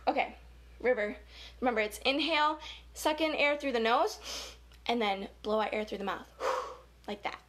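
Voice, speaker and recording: An upbeat woman hosting a children's story time over a webcam, with a fairly high voice. She talks straight to the kids, giggling easily as she leads them along. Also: moderate pace, pauses often, a bit bright.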